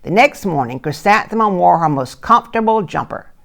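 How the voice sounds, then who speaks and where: Older storyteller woman, retired teacher type; gentle picture-book reading, low gravelly voice. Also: expressive, a little fast. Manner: gentle, asks listeners soft questions.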